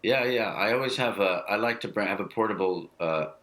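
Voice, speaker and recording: An American man chatting casually from a home studio over a video call, halting and repeating words and chuckling often. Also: fairly low pitch, fairly bright tone. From United States. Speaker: guest actor. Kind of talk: casual chat.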